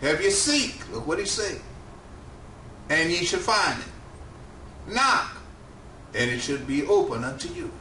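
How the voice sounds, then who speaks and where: Delivering a sermon in an echoey room, a high-voiced man preaches slowly and deliberately but very animatedly, his bright tone lifting and dropping for emphasis. He's picked up from a distance, with faint ambience and a little hiss or hum.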